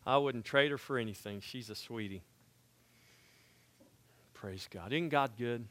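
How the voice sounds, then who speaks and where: A man preaching a sermon as pastor, swinging from hushed passages to loud exhortations, with folksy joking asides. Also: mid-range voice, unhurried, pauses often.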